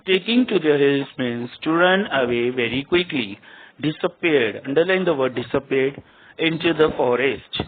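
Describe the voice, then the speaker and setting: Through a tinny, phone-like recording, a male teacher with a mid-range, animated voice reads a story to a class at normal speed, calling out words to underline and going over their meanings again.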